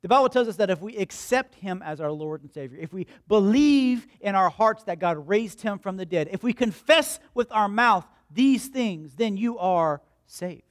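A male pastor preaching in a notably high voice, recorded close and dry with no room echo. He repeats his lines for emphasis and poses questions that he answers himself. He moves between loud emphatic peaks and quiet storytelling. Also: animated, normal speed, hardly any pauses. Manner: asks the congregation questions and answers them himself. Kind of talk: sermon.

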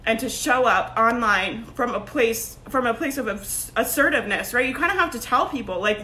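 A woman in her thirties giving a loud, emphatic motivational talk to camera, laughing often and peppering her speech with "like" and "right?". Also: a little high, moderate pace, few pauses. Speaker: online business coach. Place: at home. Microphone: phone.

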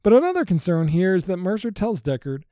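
A man's voice: high voice, very animated, brisk, dark tone, no echo, studio quality. A man hosting a Bible-based podcast, talking in an earnest, preaching way and repeating phrases for emphasis. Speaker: podcast host.

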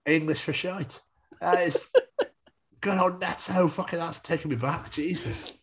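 A man's voice: sits high, a little slow, background noise. A man guest on a casual podcast who swears freely and laughs often. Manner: swears freely, laughs a lot, self-deprecating.

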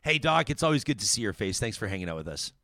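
A man hosting a talk show, commenting on news in a casual, animated and indignant way with many restarts. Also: lowish voice, quick pace, no room sound, studio quality.

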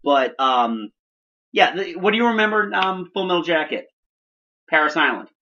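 A man hosting a casual movie chat, cracking jokes in an animated way. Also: on the high side, moderate pace, dull audio, a little hiss or hum. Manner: wisecracking, animated. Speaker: podcast host.

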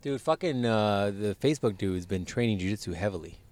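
A man's voice: lowish voice, lively intonation, a little fast, a little mellow. A man co-hosting a casual, crude podcast, laid-back and laughing often as he swears through the banter. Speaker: podcast co-host.

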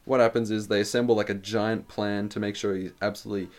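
A man's voice: fairly low pitch, level tone, quick pace, darkish tone. A man, co-hosting a podcast and retelling a film in a loose, rambling way. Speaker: podcast co-host. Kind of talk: casual chat recapping a film.

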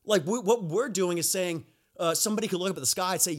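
A man's voice: high voice, quick pace. A young man hosting a podcast, delivering a heated, profane rant and repeating himself when angry. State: recovering from being sick. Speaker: podcast host. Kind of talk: angry ranting monologue.

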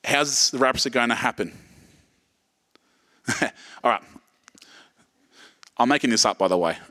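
A man's voice: mid-range voice, lively intonation, unhurried, pushed and bright. A middle-aged Australian man preaching a sermon in a casual, joking way, checking in with "okay" often. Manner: casual, joking, lots of okays and restarts. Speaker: pastor.

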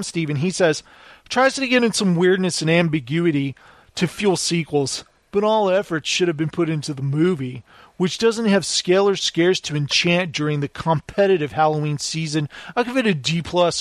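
A man's voice: fairly high pitch, no echo. A man co-hosting a podcast, reading out reviews in a jokey way and laughing often. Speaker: podcast co-host.

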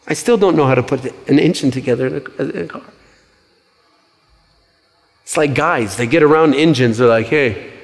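A male pastor preaching a sermon in a conversational, animated way, with quick asides and stories. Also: medium pitch. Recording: reverberant hall.

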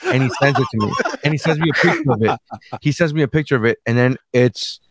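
A man co-hosting a casual podcast, telling stories in an animated way and swearing freely. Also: mid-range voice, fast talker, a crowd in the background. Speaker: podcast co-host.

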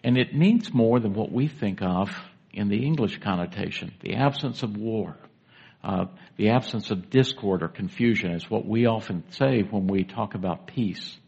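A man's voice: lowish voice, moderate pace, gravelly, a little mellow, breathy edge, lo-fi sound. A man preaching a sermon to a congregation in a church, in a conversational way, putting questions to the listeners. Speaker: pastor.

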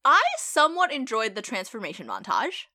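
A woman's voice: a little high, wildly swooping pitch, fairly quick, sharp tone. A young woman co-hosting a casual movie-review chat, with wry, dry humor. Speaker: podcast co-host.

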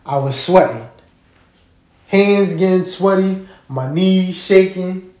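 A man casually telling a story straight to his listeners, animated and profane, often checking that they follow him. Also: high voice, slow. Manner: animated, profane, keeps asking listeners to agree. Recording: roomy echo.

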